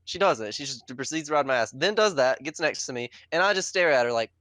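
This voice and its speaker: Young man, podcast co-host, animated storyteller, bright voice, lively pitch. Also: quick pace, no echo. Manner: animated storyteller who acts out his own lines and laughs a lot. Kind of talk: casual chat.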